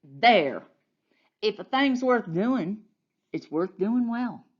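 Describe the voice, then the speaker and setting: A woman voicing a bossy, cheerful old countrywoman who scolds in a brisk, folksy way, in a storybook reading. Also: mid-range voice, expressive, lo-fi sound.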